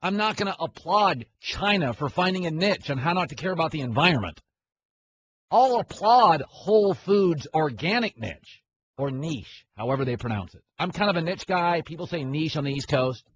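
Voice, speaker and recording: A man's voice: fairly high pitch, expressive, fast talker, hardly any pauses, fairly bright tone. A man hosting a sports talk show, opinionated and rambling, often stopping and restarting his sentences. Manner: rambling, opinionated, self-interrupting. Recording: slightly muffled, faint hiss.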